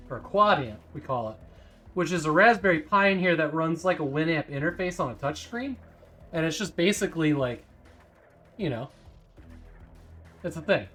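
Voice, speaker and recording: A man's voice: on the high side, fairly bright tone. A man hosting a casual news stream, talking in a rambling, chatty way. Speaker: stream host.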